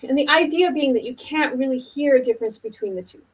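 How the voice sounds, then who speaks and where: Middle-aged woman oboe teacher, slightly high voice, casual and halting, lots of ums. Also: loud music behind the voice, low-quality recording. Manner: casual and halting, many fillers and restarts. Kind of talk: instructional video lesson.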